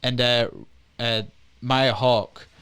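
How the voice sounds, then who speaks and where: A man co-hosting a studio podcast, casually retelling a film's plot in an animated way and acting out characters' lines. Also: mid-range voice, drawn-out words, clean tone. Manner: animated retelling, acts out quotes in put-on voices. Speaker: podcast co-host. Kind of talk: casual film review chat.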